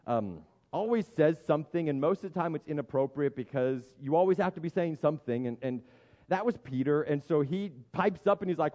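A man's voice: on the high side, lively intonation, a little fast, dark tone, muffled recording. A man preaching a sermon in a conversational, humorous way, often stopping to restart his sentences. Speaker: pastor.

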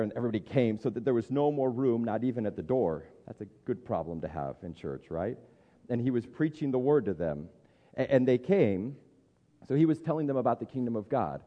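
A man's voice: on the low side, long reverb tail, lo-fi sound. A man in his thirties preaching a conversational sermon as a pastor, thinking aloud with frequent restarts.

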